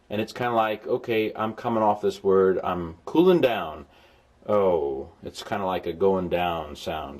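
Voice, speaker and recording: A man tutoring in an informal recorded lesson, folksy, with playful asides, sounding syllables out slowly. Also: lowish voice, darkish tone. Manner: folksy, explains with playful asides and repeated examples. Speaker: Greek tutor.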